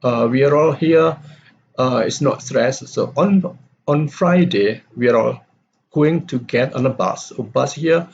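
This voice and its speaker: Man, teacher, gravelly, lo-fi recording, halting lecture with fillers. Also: mid-range voice, slight background noise. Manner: halting, many fillers and restarts, reads example sentences aloud. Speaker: English teacher. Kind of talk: explanatory lecture on stress and intonation. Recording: dull lo-fi recording.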